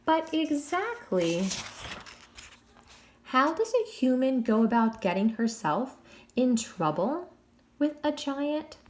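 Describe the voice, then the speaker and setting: A woman's voice: high-pitched, very animated, takes it slowly, pauses often, a little hiss or hum, pitched above the performer's own voice, full character voice. A woman voicing a cocky young English man locked in a jail cell, boastful and swaggering.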